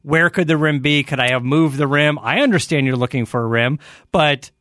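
A man's voice: a little high, fairly quick, fairly bright tone, dry recording, studio quality. A man co-hosting a podcast in casual chat, musing with amusement on how others think. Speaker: podcast co-host.

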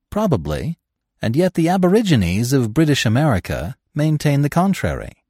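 A man narrating a classic story in a measured, expressive audiobook reading. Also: medium pitch, no echo, clean studio sound.

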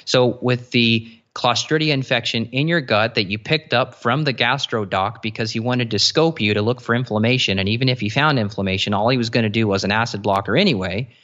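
A man talking as a nutrition guest in a casual interview, explaining eagerly with quick asides and restarts. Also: medium pitch, fairly bright tone, lo-fi sound.

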